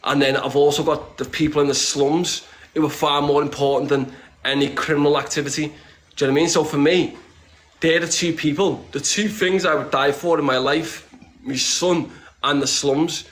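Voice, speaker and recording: A man's voice: a little high, steady tone, normal speed, fairly bright tone. A man talking bluntly and casually in an interview, swearing freely and rambling with many restarts. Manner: blunt and streetwise, swears freely, says "lad" often. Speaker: interview guest. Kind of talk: casual conversation.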